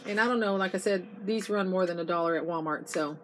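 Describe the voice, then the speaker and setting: A woman's voice: lowish voice, quick pace. A middle-aged woman chatting to her viewers in a casual haul video, gushing and losing her voice. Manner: chatty and gushing, addresses viewers as "you guys". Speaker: vlogger. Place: inside an RV. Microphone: iPod. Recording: noisy home video.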